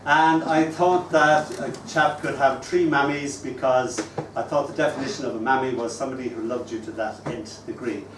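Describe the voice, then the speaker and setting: A man in his sixties hosting an open mic and reading his poems with wistful, gentle humour. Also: medium pitch, fairly even intonation, moderate pace, hardly any pauses, background noise. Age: 60s. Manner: wistful, gently humorous storytelling. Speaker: poet and open mic host. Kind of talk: live poetry reading. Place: live open mic venue. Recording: roomy room, distant mic, faint ambience.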